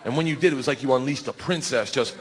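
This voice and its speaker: A man performing a profane stand-up comedy set on a club stage, telling brash, animated stories into a handheld mic. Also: mid-range voice, fast. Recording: live show with loud crowd laughter and noise.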